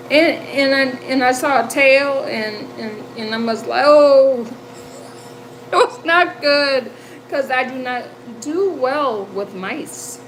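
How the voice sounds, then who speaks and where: A woman in her fifties talks to her stream audience in a relaxed, unhurried way, her voice sitting high. She tells her story chattily and laughs as she goes, and a faint hum runs underneath. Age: 50s. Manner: chatty, animated, laughs often, reads chat aloud. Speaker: livestream host. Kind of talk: casual storytelling chat. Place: home.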